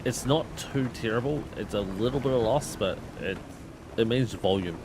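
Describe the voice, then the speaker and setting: A man's voice: lowish voice, normal speed. A man hosting a gaming stream, chatting casually and explaining things with lots of fillers. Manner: relaxed, rambling explanations with fillers. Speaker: streamer and host. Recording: noisy game stream audio.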